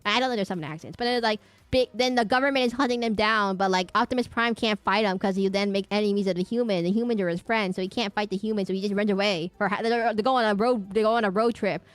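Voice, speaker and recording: A woman's voice: mid-range voice, quick pace, no echo. A woman streamer chatting casually and rambling from topic to topic at her home setup.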